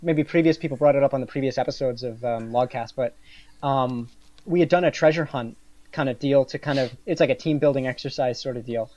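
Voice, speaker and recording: A man's voice: medium pitch, a little fast, a little mellow, no echo, muffled recording. A man guest on a podcast, telling a funny story in casual chat, laughing often and poking fun at himself.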